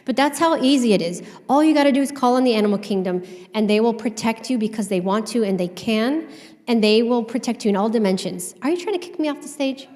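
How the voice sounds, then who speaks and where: A woman giving a conference talk on stage, telling a personal story in a candid, animated way with casual swearing. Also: fairly high pitch, fairly quick, big-room sound. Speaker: conference speaker.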